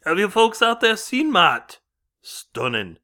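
A podcast host putting on a fake British accent as a teasing, boisterous bloke. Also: male voice, sits high, very animated, bright, forceful tone, voice pushed up, full character voice. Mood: mock-grumpy. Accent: put-on British accent. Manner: teasing, blustery, rapid asides. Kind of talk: comic put-on accent bit.

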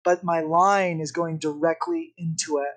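A young man, a podcast guest, telling a story in a casual, animated way. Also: a little high, normal speed. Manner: animated, vivid retelling with acted-out quotes.

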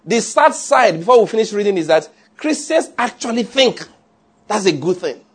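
A man preaching a sermon in an animated way, often checking with his listeners. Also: high-pitched, moderate pace, husky. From Nigeria. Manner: animated, asks the audience often.

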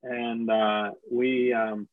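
A man's voice: mid-range voice, level tone, drawn-out words, no echo. A man casually telling the story of his business as a franchise owner, rambling with many fillers and restarts. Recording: dry, tinny phone-like audio.

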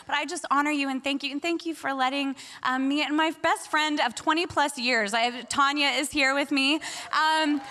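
Bright, high-voiced woman preacher. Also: normal speed. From Washington State, US. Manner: expressive, emotional, chatty. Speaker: guest speaker at a church. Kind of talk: prayer and sermon talk. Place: church service.

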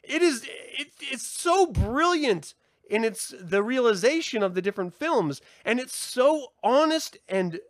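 A man hosting his own podcast, excitedly chatting, laughing and swearing often. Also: sits high, no echo, clean studio sound. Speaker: podcast host. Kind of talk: casual podcast chat.

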